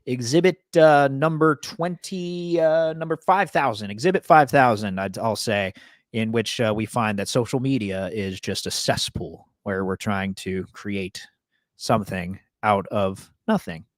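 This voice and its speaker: A man co-hosting a casual sports chat, laid-back and quick with wry asides. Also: fairly low pitch, no echo, studio quality. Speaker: podcast co-host.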